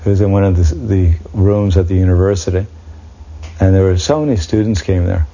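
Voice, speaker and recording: Male storyteller, low, dark tone, dull lo-fi recording. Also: brisk. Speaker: devotee recounting memories. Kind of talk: anecdotal storytelling.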